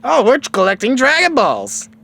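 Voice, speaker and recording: A man's voice: very high voice, wildly swooping pitch, normal speed, vocal fry, a bit bright, voice pushed up, heavily acted. A man voicing a cheerful, laid-back young male martial artist with a casual, upbeat manner. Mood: breezy.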